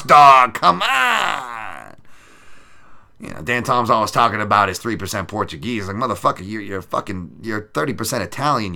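Gravelly, crude-talking man hosting a podcast. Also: low-pitched, sharp tone. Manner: loose, crude, sarcastic banter reading the chat. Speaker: podcast host making fight picks. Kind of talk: casual profane livestream chat.

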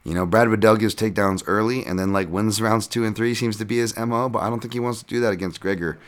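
Low-voiced man rambling through picks. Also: steady tone, quick pace. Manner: rambling, with frequent restarts and casual swearing. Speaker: podcast host and fight analyst. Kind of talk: casual podcast breakdown.

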